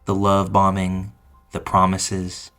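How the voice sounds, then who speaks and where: A man reading a true first-person story aloud in measured, scripted narration. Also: sits low, monotone, a bit bright, clean tone. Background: faint music.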